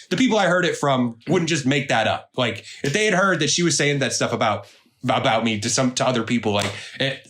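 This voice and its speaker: A young man co-hosting a casual podcast, telling a story in an animated, indignant way and swearing freely. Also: fairly high pitch. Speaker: podcast co-host.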